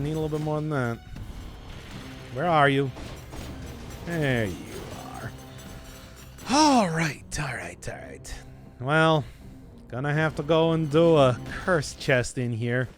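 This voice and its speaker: A man giving casual, joking commentary while playing a video game, often teasing himself. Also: on the high side. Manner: playful, joking, self-deprecating. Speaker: gaming streamer.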